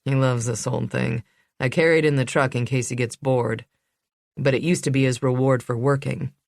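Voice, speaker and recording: A woman reading the lines of a patient male dog handler in an audiobook, explaining calmly. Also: mid-range voice, normal speed, vocal fry, dry recording, studio quality, natural voice. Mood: fond.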